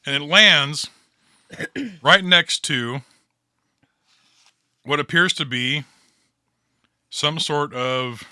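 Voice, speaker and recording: A man leads a tabletop game as the storyteller, narrating the scene in a loose, chatty way. His voice is very bright and a little high, and it sits close and dry with no room sound. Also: extremely slow, pauses often, no echo.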